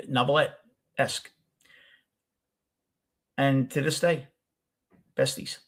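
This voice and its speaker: A man's voice: medium pitch, a bit bright, slightly rough. An older man with a New York accent, telling a rambling personal story as the host of a casual talk show. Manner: rambling, self-correcting storyteller.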